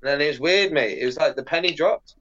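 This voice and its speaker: Talking fast in a voice on the high side, this English pro skateboarder chats as a podcast guest over dull audio. His casual interview storytelling is sweary and animated, and he performs the voices of the characters in his tales.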